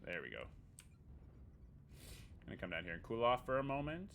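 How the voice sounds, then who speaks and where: A man's voice: low voice, very animated, moderate pace, vocal fry, a bit bright, slight background noise. A man streaming a video game live from home, chatting casually and joking with viewers, tossing in goofy beep-boop noises. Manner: playful, jokey, makes beep-boop sound effects.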